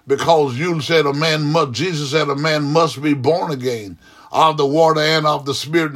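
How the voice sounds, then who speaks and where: A pastor with a slightly high, somewhat bright voice prays aloud off the cuff. His fervent prayer follows a repetitive, rhythmic preaching cadence, punctuated by frequent "hallelujah" interjections.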